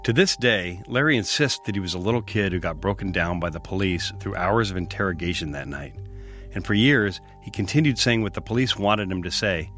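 A man hosting and narrating a true-crime report, telling the story in a measured, matter-of-fact way and putting questions to an interviewee. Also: deep voice, a bit bright, soft background music. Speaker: podcast host and reporter.

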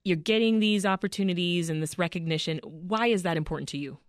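A woman hosting a radio interview, her voice sitting low in pitch. She frames her questions in a measured, attentive way, recorded dry and close. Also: no echo. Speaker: radio host.

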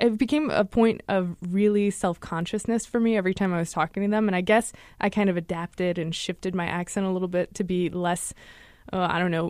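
A woman's voice: fairly low pitch, a little mellow, no echo, studio quality. Friendly woman hosting a chat. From Chicago suburbs. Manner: friendly, laughs easily, asks questions. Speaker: host. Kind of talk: conversational radio chat.

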